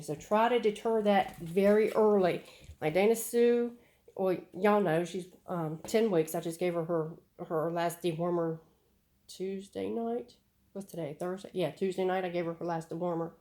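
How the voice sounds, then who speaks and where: Chatty woman training a puppy. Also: fairly low pitch. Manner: chatty, repeats words, sharp commands to puppy. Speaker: dog breeder. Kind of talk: casual training demo.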